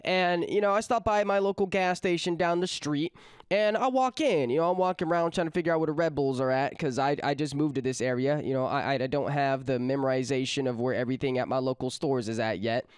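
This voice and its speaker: A man's voice: fairly high pitch, brisk, clear, resonant tone, no room sound, clean studio sound. A man vlogger telling a casual storytime in a chatty way with lots of fillers. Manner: chatty, many fillers and asides.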